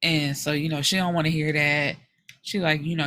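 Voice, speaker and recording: A woman hosting a book podcast, casually retelling a story in an animated, frank way, slipping into the characters' lines and swearing now and then. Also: deep voice, moderate pace, a little hiss or hum.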